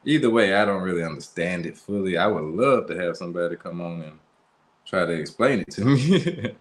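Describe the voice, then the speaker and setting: A man with a very low, deep voice talks. He hosts a casual commentary vlog, loose and conversational, with slang and plenty of fillers. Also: animated, brisk. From United States. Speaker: channel host.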